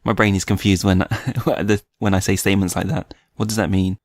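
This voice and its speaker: Podcast co-host: male, low voice, wry and laid-back, dry close-mic sound. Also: flat delivery, moderate pace, a little mellow, no echo. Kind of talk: casual chat.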